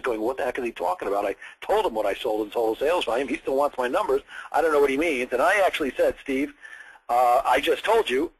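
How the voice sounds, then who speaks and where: A man recounts a sales-career anecdote at a training session, doing the voices of the people he quotes with lively energy. His husky voice sits at medium pitch on a rough recording.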